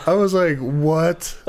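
A man telling a story on a casual podcast, swearing freely and acting out shouted lines. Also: lowish voice. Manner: animated storyteller, swears a lot, acts out shouted quotes. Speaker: podcast co-host.

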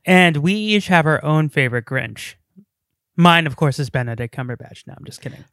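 A man's voice: on the high side, expressive, moderate pace, a bit bright, clear, resonant tone, no echo, studio quality. A man co-hosting a comedy podcast in casual chat, joking and riffing. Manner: jokey, sings and riffs. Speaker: podcast co-host.

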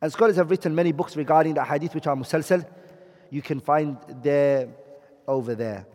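A man's voice: a little high, darkish tone, big-room sound. A man teaching a class, explaining step by step and often checking that his students follow. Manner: explains slowly, checks understanding with questions. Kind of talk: classroom lecture.

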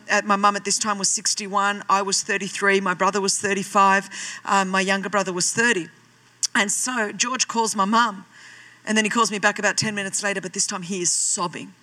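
A woman's voice: medium pitch, fairly quick, pushed and bright. A woman, preaching a sermon as a pastor and telling her own story with self-deprecating humour. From Australia. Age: 40s.

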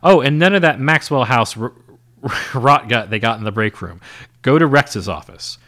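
A man putting on a brash Hollywood agent, loud and pushy, swearing freely as he holds court. The voice sits higher than the reader's own and comes out bold and forceful. It stays within an audiobook-style reading. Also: big pitch swings, normal speed. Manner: boisterous, pushy, profane.

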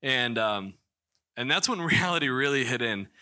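Young male preacher from Missouri, candid testimony, very bright tense voice, frequent restarts. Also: mid-range voice, expressive, normal speed, smooth. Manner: candid storytelling with many restarts and fillers. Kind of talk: personal testimony in a church talk.

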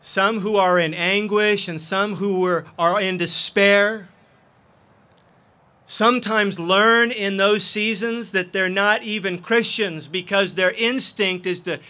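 A man's voice: high-pitched, slow, pushed and bright. A man preaching a sermon as pastor, earnest and impassioned.

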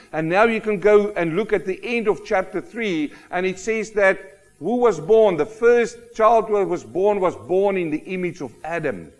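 A man preaching a sermon, emphatic and animated, often asking rhetorical questions of the congregation. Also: high voice. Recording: long hall reverb.

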